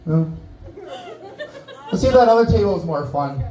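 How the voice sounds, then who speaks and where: A man's voice: fairly high pitch, lively intonation, moderate pace, long pauses, dark tone, reverberant, low-quality recording. A Canadian man doing a stand-up set in a small bar, teasing the audience with crude jokes. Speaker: stand-up comedian. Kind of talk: stand-up set with crowd work.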